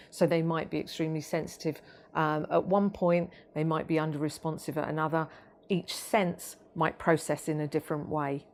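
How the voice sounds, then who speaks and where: A woman giving a training talk about autism, measured and explanatory, with frequent ums and restarts. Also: sits low, a little mellow.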